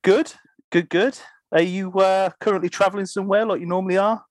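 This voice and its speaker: A man with a Birmingham accent hosts a relaxed podcast, chatting freely and laughing often. His voice sits a little high for a man. The sound is close and dry, with no room around it. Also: fairly quick, no echo. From Birmingham, England. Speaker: podcast host. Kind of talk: casual podcast chat. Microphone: remote call recording.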